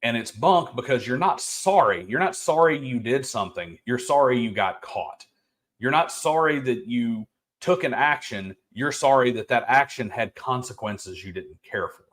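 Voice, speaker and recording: A man's voice: medium pitch, expressive, moderate pace, fairly bright tone. Earnest man reasoning through a point. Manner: earnest, reasoned, speeds up when making a point. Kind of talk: casual opinion commentary.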